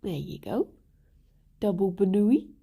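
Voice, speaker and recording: Chatty woman streamer with vocal fry. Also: mid-range voice, expressive, unhurried, mellow. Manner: chatty, reads and answers chat, coos to her rabbits. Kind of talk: casual livestream chat.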